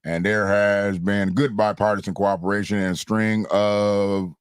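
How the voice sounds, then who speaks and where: A man's voice: on the low side, little pitch movement, a little slow, smooth, no room sound, studio quality, pitched below the performer's own voice, lightly acted. A man doing an impression of a mumbling elderly male senator speaking at a press podium. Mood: halting. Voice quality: mumbling, thick-mouthed.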